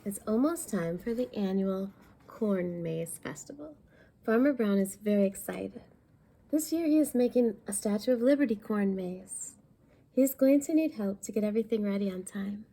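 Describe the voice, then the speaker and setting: Brief: woman storytime reader, mellow and a bit gravelly, reads a picture book aloud and explains words to kids. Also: medium pitch, expressive. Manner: pauses to explain words for young listeners.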